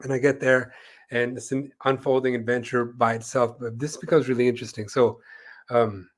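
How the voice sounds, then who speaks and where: A medium-pitched man with little pitch movement talks at a moderate pace as co-host of an interview show. He tells a long, meandering story full of "like" and "you know," acting out the voices of the people in it.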